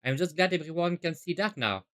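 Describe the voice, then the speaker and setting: Casting: man playing a soft-spoken, reassuring young woman assistant in a game read-through. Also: on the high side, lively intonation, brisk.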